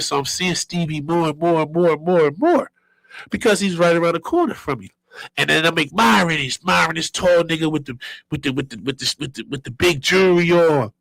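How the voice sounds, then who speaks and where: A man in his fifties from Brooklyn with a New York accent, telling stories as a guest in an animated, streetwise and profane way. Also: a little high, gravelly, no room sound, low-quality recording. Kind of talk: casual storytelling.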